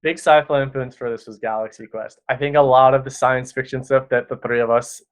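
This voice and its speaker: A man in a relaxed interview who rambles enthusiastically, with many "like"s between thoughts. His voice sits at an ordinary middle pitch. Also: brisk. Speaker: podcast director. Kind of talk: casual interview chat.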